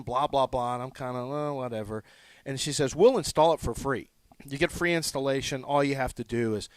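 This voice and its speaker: A man's voice: on the high side, dry recording. A man co-hosting sports talk radio, telling rambling stories and acting out quotes. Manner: rambling anecdotes with acted-out quotes. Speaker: radio co-host. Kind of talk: sports radio banter, storytelling.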